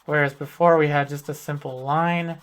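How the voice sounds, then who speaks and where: A man demonstrating a portrait painting as an instructor, calmly thinking aloud while he works. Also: on the high side, clean tone. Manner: thinks aloud while working, calm and deliberate.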